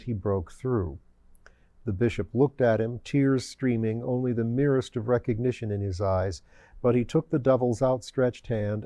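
A male storyteller reading a fantasy tale with a mellow, warm tone and a measured pace. The recording is close and very dry, with no room sound, as in a home audiobook. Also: mid-range voice, no echo. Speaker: narrator. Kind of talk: storybook narration.

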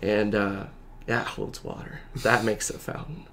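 A man speaking as a podcast guest, telling a personal faith testimony in casual conversation. He is earnest and halting, full of filler words, and at times close to tears. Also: on the low side, flat delivery, fairly bright tone, a little hiss or hum.

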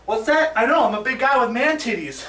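High-voiced man vlogging in echoey room. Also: a little fast, a little hiss or hum. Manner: animated and playful, hyping himself up to viewers. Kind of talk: casual vlog to the camera. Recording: echoey room, camera at a distance.

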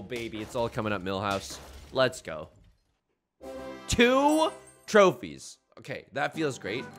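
A man giving casual, jokey commentary while playing a game, with sudden loud outbursts. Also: fairly high pitch. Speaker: gaming YouTuber.

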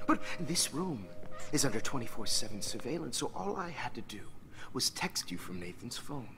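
An actor playing a calm, condescending middle-aged teacher who is a villain in a game, talking in a soft, controlled whisper. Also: male voice, medium pitch, noisy background. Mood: menacing. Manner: slow, condescending, lilting. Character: calm, menacing male photography teacher, villain.

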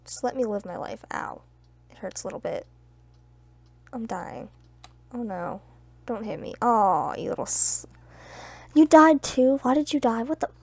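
A woman's voice: on the high side, expressive, measured pace, creaky, long pauses. A young woman chatting casually while playing a video game with friends, teasing and trash-talking with bursts of laughter. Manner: playful trash talk with loud laughs. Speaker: gamer. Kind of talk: casual gaming chat.

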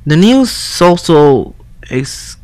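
Slow, halting man reading game text. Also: a little high, sing-song, a little mellow. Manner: halting, restarts words while reading. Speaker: let's-play gamer.

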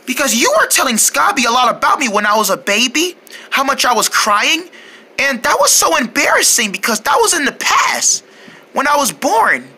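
A woman's voice: high voice, sing-song, normal speed, bright, forceful tone, breathy edge, heavily acted. Woman doing a pouty little girl cricket. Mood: upset. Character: young girl cricket, shy and sulky.

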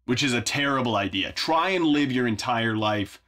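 A man's voice: mid-range voice, expressive, normal speed, sharp tone. A man hosting a songwriting vlog from his home studio, talking casually in a wry, self-mocking way as he thinks aloud while working. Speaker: songwriter and video host.

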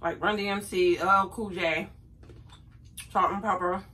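A woman's voice: mid-range voice, measured pace, low-quality recording. A middle-aged woman, chatting to her viewers as she tells a funny story from her younger days. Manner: animated, chatty, addresses viewers as y'all. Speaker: vlogger. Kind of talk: casual storytelling to camera.

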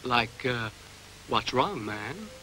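A man's voice: medium pitch, very animated, very slow, background noise. A man voicing a sleepy, laid-back hippie male rabbit with a drowsy drawl.

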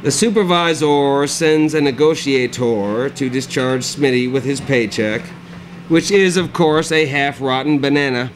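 A man reading his own dark comic prose aloud at a live cafe reading, with a dry, sardonic delivery. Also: medium pitch, a little slow, a little hiss or hum, low-quality recording.

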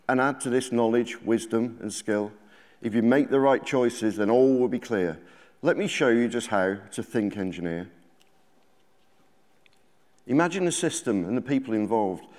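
A man's voice: medium pitch, darkish tone. A man reading his own rhyming children's book aloud to a live audience at a conference, with a sing-song cadence and theatrical quoted voices. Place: large conference hall. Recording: reverberant conference hall.

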